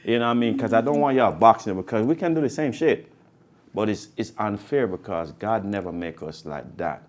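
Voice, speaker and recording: A man's voice: fairly low pitch, lively intonation, brisk. A man with a Jamaican accent co-hosting a podcast, casual and emphatic, repeating phrases to drive a point home. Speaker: podcast co-host. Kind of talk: casual chat.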